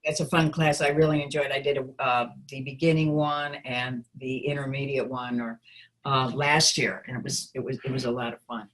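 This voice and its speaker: A woman voice actress and coach chatting casually in an interview, relaxed and playful, with plenty of fillers. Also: rumbling low, normal speed.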